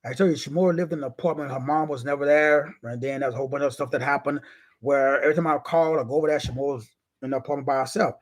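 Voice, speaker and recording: A man hosting a live stream, giving a preachy motivational talk in casual, slangy speech with drawn-out, emphatic phrasing. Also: steady tone. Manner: preachy, drawn-out emphatic phrasing with big swings in pitch and loudness.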